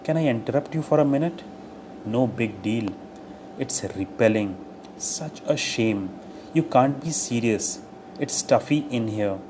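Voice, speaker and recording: A man teaching English, reading short everyday phrases aloud one by one in a clear, deliberate way. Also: mid-range voice. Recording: steady air-conditioner hum behind voice.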